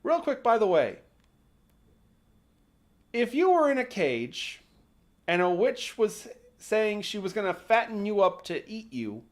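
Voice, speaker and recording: A man's voice: high voice, big pitch swings, unhurried, long pauses. A man hosting a livestream, retelling a folk tale casually with sarcastic, mocking asides and casual swearing. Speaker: host.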